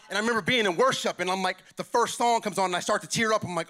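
A man giving an impassioned testimony at church, emphatic and repeating lines as he builds to shouts. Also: high-pitched, racing, few pauses.

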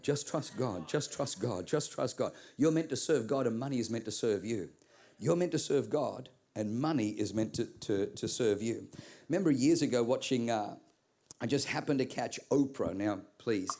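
A man from Australia preaching a sermon, telling stories in an animated way with repeated words. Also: medium pitch. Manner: animated storytelling with comic voices and repeated words.

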